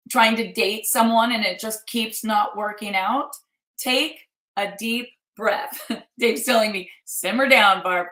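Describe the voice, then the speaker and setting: A woman's voice: fairly high pitch, a bit bright, echoey room. A middle-aged woman and life coach giving an emphatic motivational talk, repeating her points for effect.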